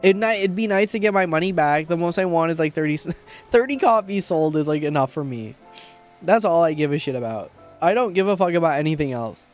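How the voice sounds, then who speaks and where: A young man chatting on his livestream, his voice sitting a little high for a man. He rambles with heartfelt candor and swears freely, and faint music plays underneath. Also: expressive, a little fast. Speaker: streamer. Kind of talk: casual livestream chat.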